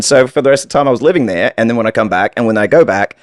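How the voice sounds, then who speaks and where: An American man with an Australian-tinged accent, telling stories as a podcast guest in an animated, laughing way. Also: mid-range voice, racing, dry recording, studio quality. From United States. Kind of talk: casual storytelling.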